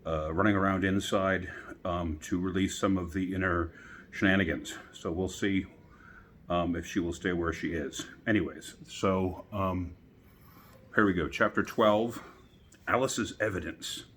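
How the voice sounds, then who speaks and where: Male storyteller, low voice, relaxed bedtime reading with chatty asides, recorded outdoors. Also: measured pace, slight background noise.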